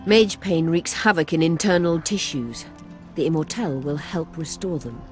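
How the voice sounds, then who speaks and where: An actor playing a learned male healer mage who talks in a formal, measured, explanatory way in a fantasy video game. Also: a little high, faint music behind, close to an everyday voice.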